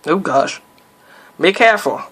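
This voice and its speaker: A man from the United States talks over his own survival gameplay, drifting from topic to topic with plenty of fillers. His voice sits a little high and rings bright and forceful, and he breaks off now and then with startled yelps at what happens on screen. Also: animated, unhurried, husky. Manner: rambling, loose talk full of fillers. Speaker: let's player. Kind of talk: casual gameplay commentary.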